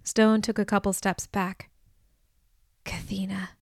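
Woman narrator for a novel reading, unhurried and even, mid pitch. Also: dry recording, studio quality. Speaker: audiobook narrator. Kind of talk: scripted first-person audiobook narration.

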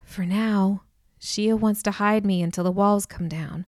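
A woman's voice: medium pitch, steady tone, unhurried, no room sound, lightly acted. Brief: female narrator doing a dry, sarcastic secretive king, storybook, close dry recording. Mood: sardonic. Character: guarded, sardonic hidden young king.

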